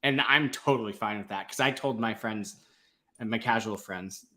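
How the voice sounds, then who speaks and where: A man's voice: lowish voice, normal speed, pushed and bright. A young man co-hosting a casual fan podcast, talking in a laid-back, rambling way. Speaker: podcast co-host.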